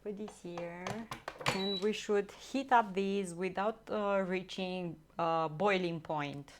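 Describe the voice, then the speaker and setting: A woman talks her viewers through a recipe in her home kitchen, chatty and unhurried, often stopping to hunt for the right word. Her pace is slow and easy. A faint hiss sits behind the voice. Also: medium pitch, fairly even intonation. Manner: chatty, addresses viewers, searches for words. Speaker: streamer cooking live. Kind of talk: casual live-stream cooking chat.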